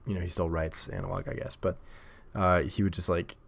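Speaking briskly in a low, gravelly voice with a steady tone, a podcast host delivers a casual solo monologue. He sits at a table in his home setup, rambling into a desk mic with frequent laughs and lots of fillers.

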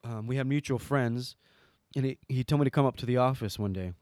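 Middle-aged man telling lively stories. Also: medium pitch, fairly quick, no room sound, studio quality. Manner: animated, acts out quoted dialogue. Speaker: interview guest, entertainer. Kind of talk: casual storytelling.

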